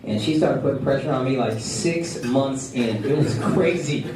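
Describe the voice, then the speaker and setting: A man in his thirties doing stand-up comedy and crowd work, loud and animated, shouting his punchlines in put-on voices. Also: medium pitch, moderate pace. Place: comedy club stage before a laughing crowd. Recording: roomy live club sound with loud crowd noise.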